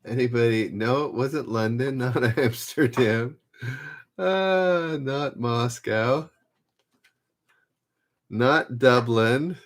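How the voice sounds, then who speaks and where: A man hosting a live-stream trivia game, relaxed and self-deprecating, repeating each question as he reads out viewers' guesses. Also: medium pitch. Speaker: trivia host.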